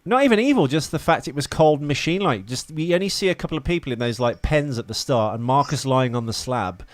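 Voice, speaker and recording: A man's voice: mid-range voice, animated, fast talker, no echo. A man co-hosting a podcast, chatting casually about films and talking in a rambling, hesitant way full of fillers and restarts. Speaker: podcast co-host. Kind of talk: casual film chat.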